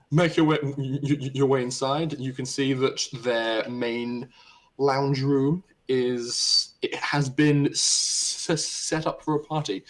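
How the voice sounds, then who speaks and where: A man's voice: medium pitch, low-quality recording. Stammering male game master narrating. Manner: halting, stammering restarts.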